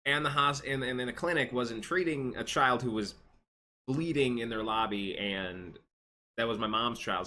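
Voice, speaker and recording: Bright-voiced man telling a rambling story. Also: mid-range voice, slight background noise. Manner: rambling, animated, with restarts and quoted voices. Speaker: vlogger telling a personal story. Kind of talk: casual storytime monologue.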